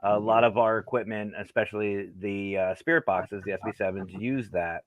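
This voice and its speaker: A man's voice: fairly low pitch, steady tone, normal speed, dry recording, dull audio. A man who works as a paranormal investigator, talking in a straightforward, matter-of-fact way on a casual podcast.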